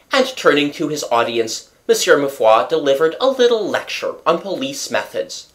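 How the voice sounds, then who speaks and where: An audiobook narrator reading a classic novel in an expressive, varied way. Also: mid-range voice, moderate pace, hardly any pauses.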